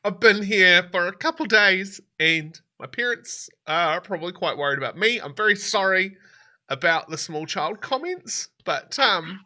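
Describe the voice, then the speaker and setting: A man's voice: high-pitched, bright, forceful tone, pitched above the performer's own voice, full character voice. A man voicing a frightened young woman held captive, stammering and apologetic. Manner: stammering, flustered and polite.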